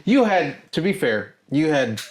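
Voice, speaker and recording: A man's voice: fairly high pitch, big pitch swings, a little slow, echoey room, a little hiss or hum. A man co-hosting a casual whisky podcast, answering in laid-back, wry short replies. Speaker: co-host.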